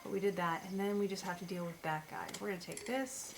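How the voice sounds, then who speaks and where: A woman's voice: on the low side, fairly even intonation, fast, noisy background. A woman streaming a video game, chatting casually as she plays and talking to the creatures on screen and to her chat. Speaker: streamer and astrologer. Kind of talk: casual gameplay commentary.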